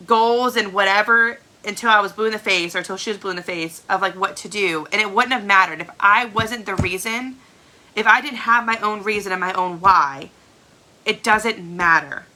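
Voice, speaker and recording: A woman's voice: mid-range voice, normal speed, pushed and bright, rough recording. A woman, telling her own story at a sales team training in a chatty, emphatic way full of "like". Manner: chatty, fillers "like", emphatic repeats. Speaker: Scentsy star director. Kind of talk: motivational personal story.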